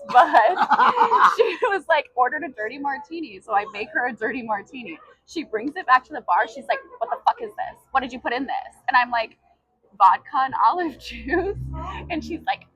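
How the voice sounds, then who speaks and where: A woman guest bartender chatting casually, quick and full of fillers. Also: high-pitched, big pitch swings, bright, forceful tone, husky, no echo, low-quality recording. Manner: quick, filler-heavy talk with frequent laughs. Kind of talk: casual chat.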